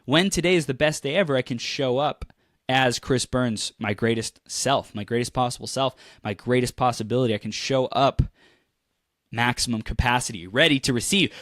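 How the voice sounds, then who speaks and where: A man's voice: medium pitch, normal speed, no echo. Upbeat man coaching, dry close sound. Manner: energetic, animated, acts out quoted reactions, laughs often. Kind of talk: motivational monologue.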